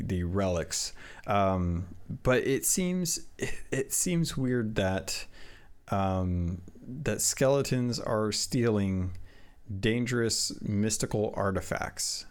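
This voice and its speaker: A man hosting a casual gaming podcast, halting with many restarts as he sets up questions for his co-host. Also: on the low side.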